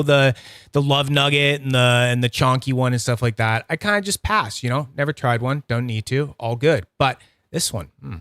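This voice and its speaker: A man with a fairly high voice hosts a casual livestream, rambling and chatty with a loose, profane streak. He greets his viewers by name as he goes. The sound is close and dry with no room in it. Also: a bit bright, no room sound. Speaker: host of a livestream review channel.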